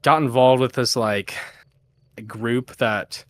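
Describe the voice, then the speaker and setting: A young man telling stories casually, full of slang and swearing. His voice sits in a middle range, and he jumps much higher when he mimics other people. The delivery is loose and animated. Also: slow, no echo. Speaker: podcast guest, VR DJ. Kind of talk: casual storytelling chat.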